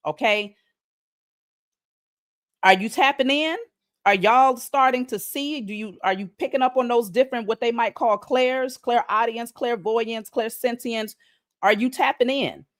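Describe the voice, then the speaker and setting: A woman giving a spiritual card reading on a live stream, chatting casually to viewers and reading declarations slowly and emphatically. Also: mid-range voice, no echo, clean studio sound.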